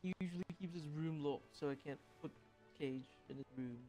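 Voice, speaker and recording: A man voicing a timid, eager young sailor underling who talks softly and meekly. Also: a little high, a little fast, faint music behind, voice pushed up, natural voice, low-quality recording. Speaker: streamer voicing a crew member.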